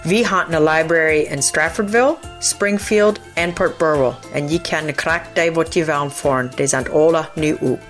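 Measured, slightly low-voiced woman announcer. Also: faint music behind. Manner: plain, measured, reads out details. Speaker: library staff member. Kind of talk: radio announcement.

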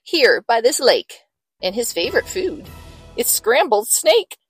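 A woman voicing a small, clever, boastful mouse in a high, squeaky voice, reading a children's storybook aloud. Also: very animated, measured pace, fairly bright tone, husky, faint music behind, full character voice. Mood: sly.

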